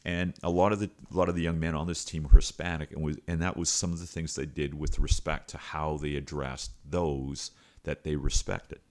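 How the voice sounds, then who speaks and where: Here a podcast host and coach from Canada, middle-aged and with a very low, deep voice, narrates a storytelling monologue. He sounds casual and talkative, stopping for filler words and restarting sentences as he goes.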